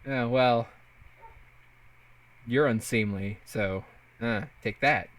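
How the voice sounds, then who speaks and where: A man's voice: mid-range voice, takes it slowly, long pauses, fairly bright tone. A young man streaming a game, bantering playfully with his chat and laughing often. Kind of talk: casual live-stream chat while gaming.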